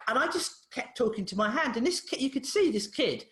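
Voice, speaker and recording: A woman's voice: fairly high pitch, fast, echoey room. A woman, a therapist telling stories in a casual interview and acting out the voices of the people in them. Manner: animated, acts out voices in her anecdotes. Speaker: therapist and author, guest.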